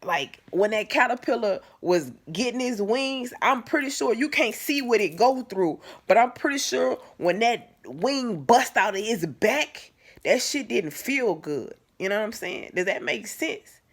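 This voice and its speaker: A woman's voice: on the high side, animated, measured pace. Candid woman telling a personal story. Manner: conversational, many fillers and restarts, swings from soft to emphatic. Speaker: vlogger.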